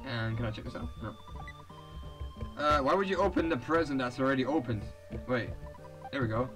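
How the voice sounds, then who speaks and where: A man's voice: mid-range voice, normal speed, long pauses, over music, poor audio. A young man giving casual, profane commentary over a video game, reading its text aloud and laughing often. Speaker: let's play host.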